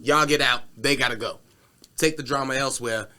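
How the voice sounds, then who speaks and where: A man's voice: medium pitch, a little fast, slight background noise. A man co-hosting a podcast, chatting casually and telling a story with slang and cursing. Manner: animated storytelling, acts out voices with cursing. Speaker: podcast co-host. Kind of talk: casual chat.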